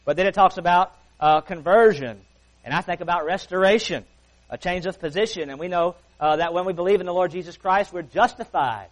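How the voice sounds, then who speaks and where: Earnest, fairly high-voiced male preacher. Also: fairly quick, poor audio. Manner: earnest preaching, swelling on key words then dropping low and soft; folksy asides. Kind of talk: sermon.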